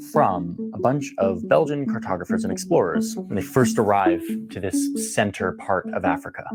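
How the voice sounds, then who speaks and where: Wry, casual male history narrator. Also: on the low side. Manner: conversational and wry, with slangy asides and dramatic beats. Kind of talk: casual scripted explainer narration. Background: background music.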